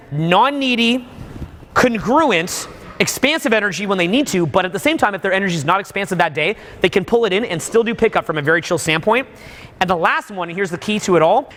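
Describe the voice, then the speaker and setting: A man coaching a live seminar audience, animated, suddenly bursting into loud acted-out examples. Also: high voice. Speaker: dating coach. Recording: long hall reverb.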